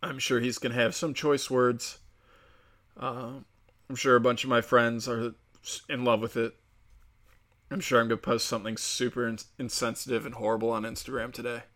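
A man's voice: mid-range voice, little pitch movement, moderate pace, fairly bright tone. A man hosting a podcast alone, ranting crudely and sarcastically, often mocking other people's voices. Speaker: podcast host. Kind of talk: solo podcast rant.

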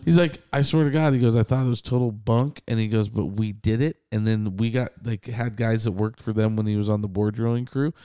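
A man's voice: fairly low pitch, steady tone, fairly quick, few pauses, dark tone, clear, resonant tone, no echo, studio quality. A man in his thirties, a podcast co-host and contractor, telling a story in casual chat, quoting others and swearing freely.

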